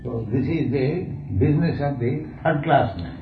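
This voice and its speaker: A man, explaining scripture in conversation, slow and halting with repeated words. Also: mid-range voice. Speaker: spiritual teacher in conversation. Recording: tinny, echoey, distant, with faint hiss.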